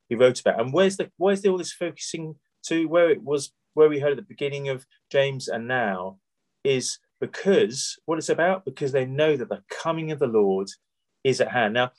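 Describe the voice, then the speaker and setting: A man from Britain giving a sermon in a conversational way, often asking his listeners rhetorical questions and restarting his phrases. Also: medium pitch. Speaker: preacher.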